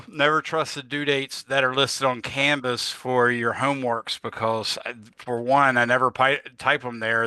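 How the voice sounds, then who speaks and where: A man's voice: medium pitch, sharp tone, smooth, no echo. A man teaching a physics class in a casual, rambling lecture style, often correcting himself and using filler words. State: yawning, a bit tired. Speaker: physics instructor.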